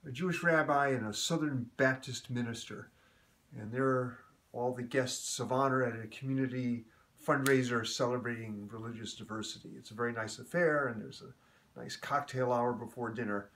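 A man telling a joke in a relaxed, friendly way, chatting with fillers as he greets and signs off to his viewers. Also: medium pitch, slight background noise. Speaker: joke teller. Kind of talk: casual joke telling to camera.

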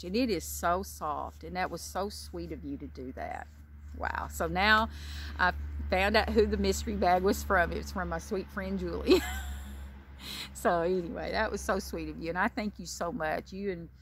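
A woman's voice: lowish voice, vocal fry, a bit bright, a little hiss or hum. An older woman, chatting casually in a show-and-tell vlog and gushing over gifts she received. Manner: gushing, effusive, repeats "gorgeous" and "beautiful". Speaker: crochet vlogger.

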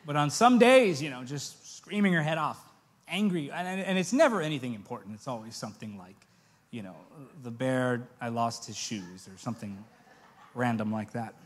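A young adult man preaching a sermon, shifting from soft, hushed storytelling to loud, emphatic preaching. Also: mid-range voice, expressive, normal speed.

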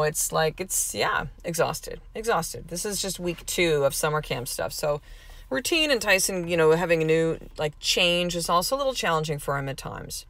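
A woman hosting her own podcast, telling a family story in a candid, chatty way with many fillers. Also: sits low. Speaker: podcast host and mother. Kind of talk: casual podcast monologue.

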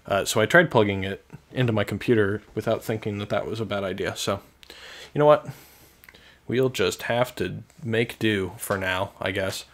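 A man's voice: fairly low pitch, steady tone, normal speed. A young man casually commenting on a video game he is playing, wry and self-deprecating. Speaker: let's player. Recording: faint game music behind.

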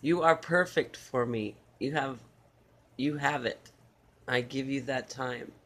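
A man reading channeled love messages in a soft, tender way, with repeated phrases and pauses. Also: mid-range voice. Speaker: spiritual reader.

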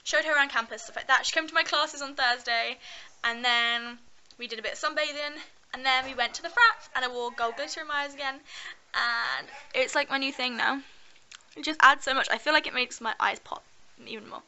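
A woman's voice: high voice, brisk, bright, forceful tone, a little hiss or hum, poor audio. A young woman chatting in a casual vlog, bubbly and giggly, filming herself at arm's length. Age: young adult. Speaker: vlogger.

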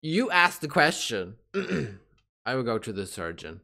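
A man hosting a casual reaction video, giddy and excitable, swearing and laughing often. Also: medium pitch, unhurried, vocal fry.

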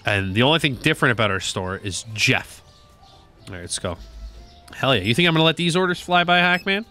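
A gaming video creator with a mid-range, fairly quick voice gives casual, joking gameplay commentary over soft background music. He's animated, talks to the game's characters, and swears now and then.

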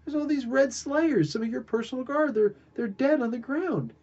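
A man's voice: extremely high pitch, moderate pace, darkish tone, highs cut off, voice pushed up. A man voicing a loyal warrior companion with a conspiratorial, matter-of-fact way of talking. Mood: knowing.

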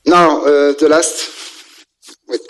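A man giving a technical engineering lecture, speaking haltingly with many filler sounds and restarts. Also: on the high side, steady tone, a bit bright, rough recording. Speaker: university lecturer in electrical engineering.

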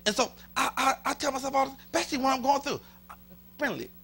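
A male pastor with a Southern US accent preaching an animated sermon in a church, leading his congregation in call and response and dropping to a whisper at times. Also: very high voice, quick pace, creaky, slightly rough. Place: church sanctuary.

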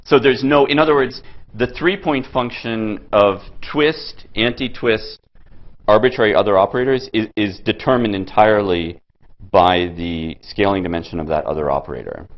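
A man giving a physics lecture at a board, pausing often with fillers and restarting his sentences. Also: on the low side, muffled recording. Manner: halting, many fillers and restarts. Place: lecture hall.

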